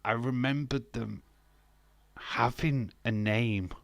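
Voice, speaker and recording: Bloke chatting on a wrestling stream, jokey, laughs at himself, dry close sound. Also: male voice, medium pitch, fairly even intonation, takes it slowly, creaky, fairly bright tone, dry recording. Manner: chatty and self-mocking, laughs often. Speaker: streamer hosting a wrestling watch-along. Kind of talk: casual live-stream chat with viewers.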